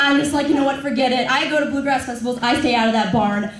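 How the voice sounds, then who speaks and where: A woman's voice: high-pitched, fast talker, hardly any pauses, noisy background. A teenage girl doing stand-up comedy for a class, telling stories with lots of acted-out quotes. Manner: animated storytelling with acted-out quotes. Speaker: student comic. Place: school drama class room. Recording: echoey room, far from the mic, audience laughter.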